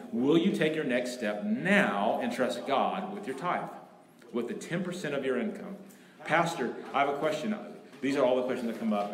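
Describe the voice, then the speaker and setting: A man preaching a sermon as pastor, emphatic and animated, often repeating and restarting his phrases. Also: fairly low pitch. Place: church sanctuary. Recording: echoey room.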